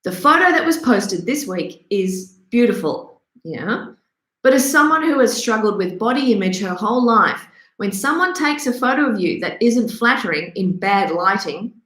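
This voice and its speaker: A woman delivers a sardonic commentary monologue, mocking herself as readily as her subject. Her voice sits at a middling pitch, and the recording carries a noticeable room echo. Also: lively intonation, moderate pace, a bit bright. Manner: sarcastic, self-deprecating, ranty. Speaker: host. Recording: roomy echo.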